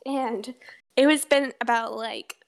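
A woman's voice: fairly high pitch, fairly even intonation, takes it slowly, vocal fry. A teenage girl co-hosting a podcast, telling a story in casual chat, laughing often and swearing freely. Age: teens. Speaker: podcast co-host.

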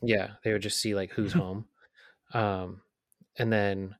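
Low-voiced rambling podcast co-host man. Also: flat delivery, a little slow, no echo, clean studio sound. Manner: rambling, filler-heavy, lots of "like". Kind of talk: casual chat.

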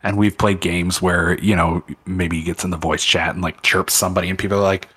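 A man from the United States hosting a podcast over a remote call, chatting casually with lots of restarts and quick laughter. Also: low voice, level tone, fairly bright tone, husky. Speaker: podcast host. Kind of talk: casual chat. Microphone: remote call mic.

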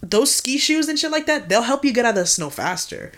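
A woman's voice: a little high, very animated, a little fast, fairly bright tone. A woman co-hosting a podcast, telling a story in casual slang and swearing constantly. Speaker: podcast co-host.

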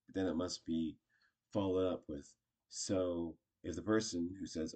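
A man's voice: deep voice, fairly even intonation, normal speed, warm tone. A man casually teaching improv, chatty and acting out short example lines. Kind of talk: casual instructional talk.

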